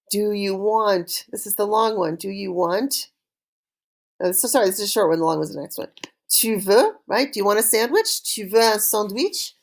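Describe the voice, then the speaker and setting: A woman teaching a recorded French vocabulary lesson, saying words slowly for students to repeat and praising them often. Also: mid-range voice. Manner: slow call-and-repeat drilling with cheerful praise. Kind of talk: recorded online language lesson.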